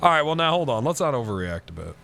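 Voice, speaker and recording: A man streaming live, chatting casually with an excitable, profane manner and mock-outraged outbursts. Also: medium pitch, quick pace, creaky, a little hiss or hum.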